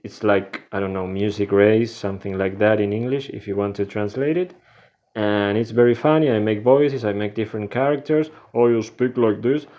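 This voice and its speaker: Low-voiced man. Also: a little mellow, muffled recording. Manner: halting, searching for words with frequent restarts. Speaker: radio show host. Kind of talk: casual self-introduction vlog.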